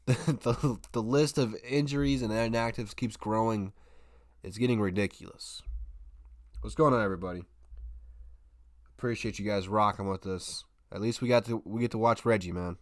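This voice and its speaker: Speaking into a desk microphone with studio-quality sound and no echo, a man with a mid-range voice hosts a live basketball watch-party stream. This sports live stream host chats casually with his audience, often restarting what he's saying.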